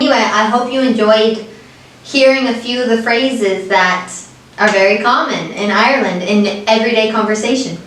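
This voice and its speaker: A woman's voice: a little high, steady tone, fairly bright tone, a little hiss or hum. Chatty woman in an echoey room. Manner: chatty, explaining phrases with quick examples. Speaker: vlog co-host. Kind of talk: casual chat. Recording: echoey room, mic far off.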